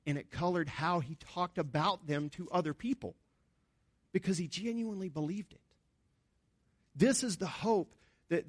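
A pastor preaching a sermon in an earnest, conversational way, with emphatic rises on key points. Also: male voice, fairly high pitch, no echo.

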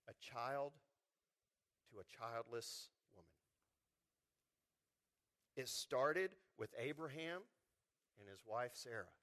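A man preaching a sermon, lively and conversational, acting out the people in his stories. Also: high-pitched. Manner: animated, acts out quotes in voices. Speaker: pastor.

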